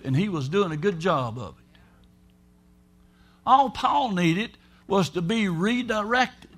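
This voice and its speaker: A man with a high-pitched voice preaches a sermon. He talks in a folksy, emphatic way and slips into the voices of the people he quotes. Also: animated, measured pace, a bit bright, slightly rough.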